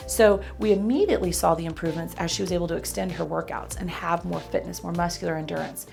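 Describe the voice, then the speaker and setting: A woman's voice: lowish voice, fast talker, vocal fry, faint music behind. A woman dentist with a Texan accent telling a patient story in a chatty, self-deprecating way. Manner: chatty, warm-humored, self-deprecating asides. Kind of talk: casual storytelling to camera.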